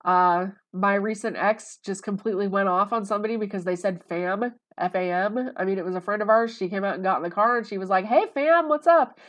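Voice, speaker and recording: A woman's voice: mid-range voice, steady tone, quick pace, few pauses, a bit bright. Woman, casual vlog monologue, rambling, lots of fillers, mid-range voice. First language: English. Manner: rambling and conversational, with many fillers. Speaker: vlogger.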